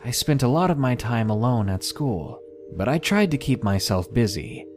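A man reading submitted first-person scary stories aloud in a steady, measured scripted narration. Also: medium pitch, soft background music. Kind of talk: scripted horror story narration.

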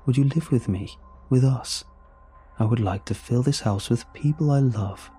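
A man's voice: mid-range voice, normal speed, warm tone, soft background music, close to an everyday voice. A man voicing a coaxing, sinister house creature. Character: eerie inhuman creature, sweetly possessive, soft-spoken. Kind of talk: horror story reading.

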